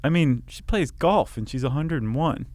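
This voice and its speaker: A man's voice: a little high, lively intonation, moderate pace, darkish tone, no room sound. A man co-hosting a podcast in casual chat, with dry joking asides. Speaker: podcast co-host.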